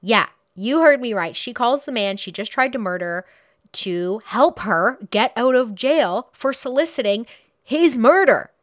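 A woman's voice: on the high side, lively intonation, unhurried, dry recording, studio quality. A woman casually retelling a true crime case, chatty and blunt, swearing freely and acting out what people said.

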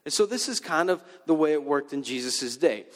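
A young adult man preaching a conversational sermon, animated and informal, often using "like" and "okay" as he talks to his audience. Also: on the high side, brisk, big-room sound. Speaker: pastor.

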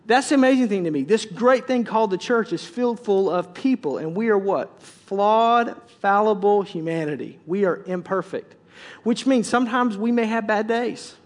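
High-voiced man preaching a chatty sermon. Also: normal speed, long reverb tail. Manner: conversational, joking, with many restarts and acted quotes. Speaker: pastor.

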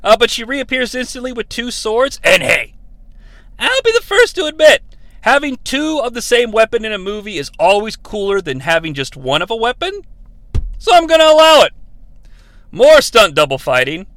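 Animated, high-voiced sarcastic man. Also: normal speed, no echo. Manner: sarcastic, profane, animated retelling. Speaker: podcast host. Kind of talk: comedic movie recap.

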